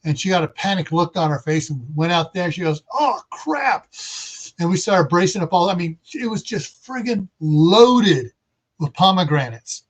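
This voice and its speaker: A man's voice: high-pitched, normal speed. A man hosting a casual livestream, chatting in a rambling, folksy way. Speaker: livestream host. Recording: dull lo-fi stream audio.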